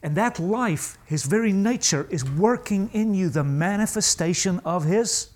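Male preacher, high voice, sermon, emphatic, slows to stress phrases, rhetorical questions. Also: animated, a little mellow.

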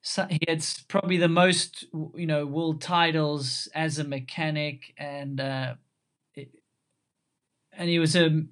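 Podcast host, man with a slightly high voice, relaxed reminiscing tone. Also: measured pace. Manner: warm tribute, reminiscing. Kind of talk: casual interview chat.

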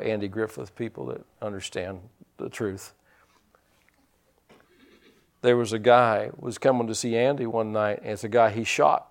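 A man preaching a sermon in a folksy, rambling storytelling way, rising into loud bursts. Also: fairly low pitch.

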